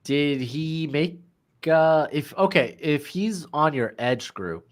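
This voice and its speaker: Young male co-host, animated pitch, halting delivery. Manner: halting, restarts a lot, lively swings in pitch. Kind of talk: casual podcast chat.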